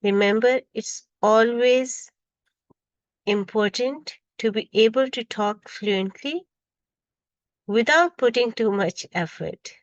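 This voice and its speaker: A woman's voice: fairly high pitch, slow pace, no echo, lo-fi sound. A woman teaching an English grammar lesson, reading out example questions one by one and stressing each example.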